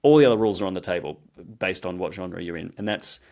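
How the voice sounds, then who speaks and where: Lower-voiced Australian man explaining. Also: fast talker, darkish tone. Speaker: guest scholar. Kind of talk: conversational explanation.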